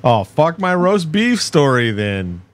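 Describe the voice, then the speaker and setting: A man's voice: fairly high pitch, very animated, slow, no echo. A man hosting a casual movie podcast, joking and telling stories to his co-hosts. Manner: joking, storytelling, addresses listeners as y'all. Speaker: podcast host.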